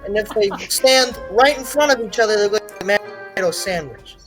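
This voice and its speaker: A woman telling an improvised comic story over a video call, lively and quick. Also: mid-range voice, over music, rough recording.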